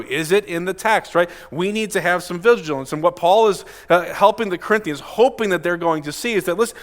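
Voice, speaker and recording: Speaking into a pulpit microphone in a church sanctuary, a man with a high-pitched, slightly bright voice gives a casual, direct sermon. He often poses questions to his congregation, and the recording has big-room sound.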